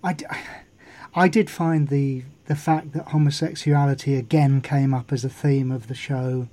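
A man's voice: mid-range voice, flat delivery, normal speed, warm tone. A man co-hosting a podcast, chatting with a dry, teasing wit. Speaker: podcast co-host. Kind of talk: casual review chat.

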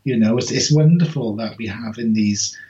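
A man's voice: medium pitch, moderate pace, warm tone, dull audio. A man co-hosting a podcast in casual chat, rambling with many fillers and restarts. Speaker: podcast co-host.

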